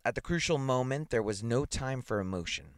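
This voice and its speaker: A man reading a science fiction story aloud in a measured, dramatic way. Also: medium pitch, animated, dry recording, studio quality. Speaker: reader.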